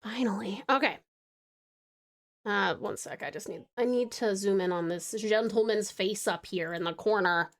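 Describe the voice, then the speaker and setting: A woman's voice: medium pitch, normal speed. A young Australian woman chatting casually with her live chat while drawing, swearing freely and laughing often. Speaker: VTuber streamer.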